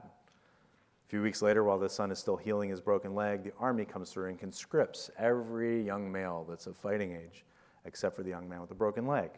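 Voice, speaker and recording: Male keynote speaker, very low voice, jokey, rambling storyteller, conference talk. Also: fairly even intonation, fairly quick, long reverb tail.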